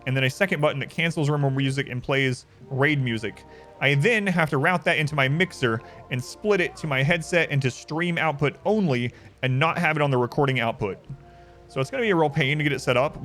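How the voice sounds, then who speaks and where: A man's voice: on the high side, a bit bright. Wry male game streamer chatting to chat. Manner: rambling, wry, chatting to viewers. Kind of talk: casual live-stream commentary.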